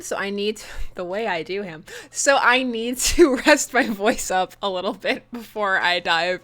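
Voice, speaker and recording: A young woman playing a dating game on stream, reading the story aloud and chatting playfully with her viewers. Her pitch jumps around a lot as she talks, and she keeps breaking into giggles. Her voice sits at a middle pitch for a woman. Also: animated, unhurried, bright, forceful tone.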